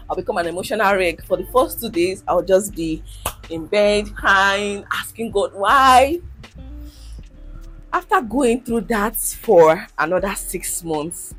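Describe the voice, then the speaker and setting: In a personal storytelling vlog, a content creator in her thirties shares her own experience with open emotion, sighs, and laughter. She's animated and performs other people's voices with big jumps in pitch.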